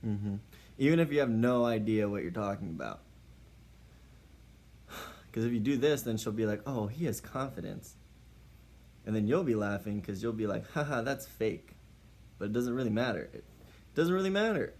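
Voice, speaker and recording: Low-voiced man giving mock dating advice. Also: darkish tone. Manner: mock-serious, playful. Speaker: comedic advice host.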